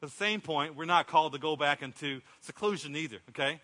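A middle-aged male pastor preaches in a relaxed storytelling way, acting out what people said. His voice is very bright and sits a little high. The sound rings out with the long reverb of a church sanctuary. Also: fast talker. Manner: conversational storytelling, acts out quotes. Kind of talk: sermon.

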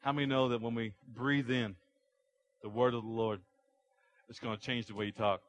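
A man's voice: mid-range voice, steady tone, moderate pace, muffled recording. A man preaching a sermon to a congregation, building energy with rhetorical questions. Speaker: pastor. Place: church sanctuary.

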